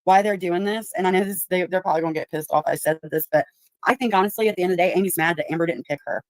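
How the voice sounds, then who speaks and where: A woman's voice: lowish voice, rapid-fire, no room sound. A woman hosting a livestream, giving blunt, profane commentary on clips. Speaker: streamer host.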